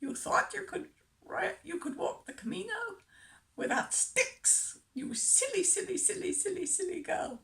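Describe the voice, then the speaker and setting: A woman's voice: very high-pitched, lively intonation, unhurried, vocal fry, a bit bright, echoey room, voice pushed up, heavily acted. A woman voicing a scolding Dutch woman with a Dutch accent, chiding in a sing-song, repeating herself, on a distant mic. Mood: teasing scold.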